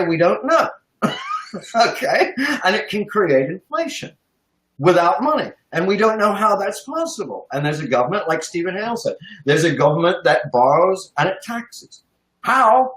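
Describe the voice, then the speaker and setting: A man's voice: fairly high pitch, a bit bright. A man talking economics in a heated, sarcastic way, often laughing as he makes his points. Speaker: guest economics commentator. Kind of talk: heated casual chat. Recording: roomy echo.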